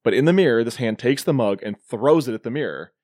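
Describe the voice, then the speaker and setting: Male podcast co-host, lively pitch, dry close sound, casual movie recap. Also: quick pace, dry recording. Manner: animated retelling, mimics characters in quoted bits. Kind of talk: casual movie review chat.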